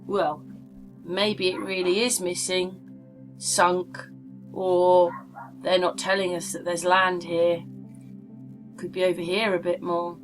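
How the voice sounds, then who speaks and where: A woman's voice: lowish voice, little pitch movement, slow, long pauses, soft background music, low-quality recording. A woman hosting her own channel, talking casually and rambling as she clicks through images and speaks straight to her viewers. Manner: rambling, chatty, addresses viewers directly. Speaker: channel host. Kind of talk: casual screen-share commentary.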